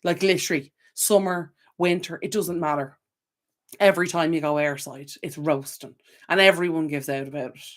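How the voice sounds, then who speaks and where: A woman's voice: sits low, steady tone, moderate pace. A young Irish woman hosting a live stream from her desk, rambling in casual rants with plenty of fillers. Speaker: channel host. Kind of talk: live stream chat with viewers. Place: home desk. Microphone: desk camera mic.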